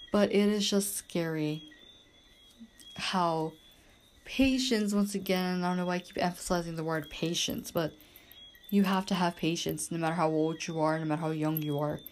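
A woman's voice: fairly low pitch, a little mellow, a little hiss or hum. A woman from Bermuda, hosting a podcast in a rambling, emphatic casual monologue. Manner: rambling and emphatic, heavy use of "like" and "literally". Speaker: podcast host.

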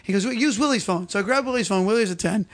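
High, gravelly-voiced man telling a crude story. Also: rapid-fire. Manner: rambling, repeats phrases, acts out quotes. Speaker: podcast co-host. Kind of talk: comedic storytelling chat.

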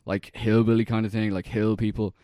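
In a dry, studio-quality recording, a young man with a warm, lowish voice casually recounts a film a little fast, with little pitch movement. He rambles, swears, and fills his talk with fillers.

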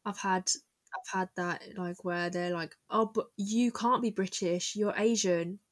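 A young woman co-hosting a podcast in casual conversation, talking in an animated, quick way and acting out remarks people made to her. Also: mid-range voice, dry recording. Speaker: podcast co-host.

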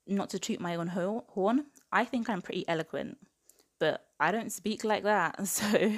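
A woman's voice: medium pitch, moderate pace. A woman in her twenties giving a casual book review, chatty and exasperated, with lots of "like". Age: 20s. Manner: exasperated, chatty rant full of "like".

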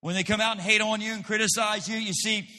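Pastor guy preaching, high bright voice, long hall echo, keeps repeating himself. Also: fairly even intonation, fast. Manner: emphatic, repeats phrases, mocking asides. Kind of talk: sermon.

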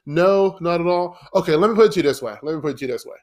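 A man's voice: on the high side, rapid-fire, a little mellow. Blunt profane man ranting on his podcast. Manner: blunt, profane, rambling with frequent "okay?" asides. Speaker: podcast host. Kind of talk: solo podcast monologue.

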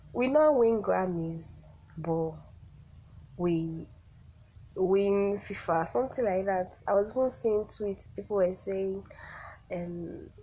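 A young woman hosts her solo podcast while sick. Her voice is husky and a little low, and she talks in a loose, rambling way full of exasperated asides. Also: mellow, rough recording. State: sick, voice affected. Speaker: podcast host. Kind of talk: casual solo podcast chat.

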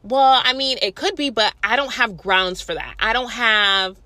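A woman voicing an older female police officer who speaks hesitantly, halting with fillers. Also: fairly high pitch, bright, forceful tone, no room sound.

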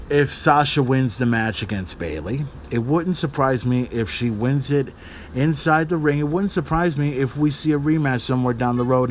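A man's voice: mid-range voice, slight background noise. Heated, profane man hosting a podcast. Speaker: podcast host. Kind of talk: casual wrestling predictions rant.

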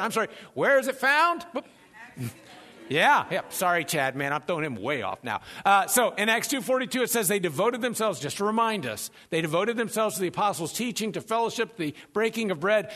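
A man preaching a sermon as pastor, animated and conversational, joking and acting out the voices of people in his stories. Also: sits high. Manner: animated, conversational, jokes and acts out quotes.

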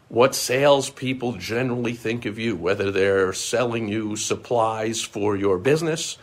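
A middle-aged man and marketing consultant in a solo podcast monologue, telling stories in an animated way and acting out the voices of people he quotes. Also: fairly low pitch, unhurried, hardly any pauses.

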